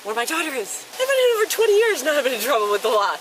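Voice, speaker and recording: A woman's voice: high-pitched, sing-song, very fast. A middle-aged woman being questioned by police, rambling, tearful and defensive. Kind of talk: emotional conversation with police. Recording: police body camera with clear background noise.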